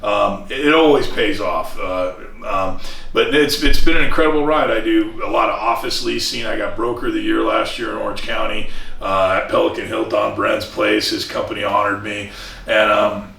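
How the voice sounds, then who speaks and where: A man's voice: lowish voice, normal speed, gravelly, pushed and bright, roomy sound, recorded from a distance. A man, a commercial real estate broker, speaking earnestly as an interview guest, often restarting and acting out what others said. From Southern California. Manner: earnest, many restarts, acts out quoted people. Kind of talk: casual interview talk.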